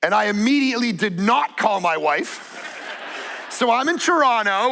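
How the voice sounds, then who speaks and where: Gravelly, bright-voiced storytelling pastor. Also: male voice, sits high, big pitch swings, normal speed, pauses often. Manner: conversational, building to emphatic. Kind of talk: sermon storytelling. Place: church stage.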